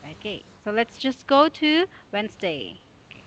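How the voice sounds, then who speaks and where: A woman tutoring English one-on-one, patiently and slowly correcting a student's pronunciation. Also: medium pitch, very animated, fairly bright tone. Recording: dull lo-fi audio.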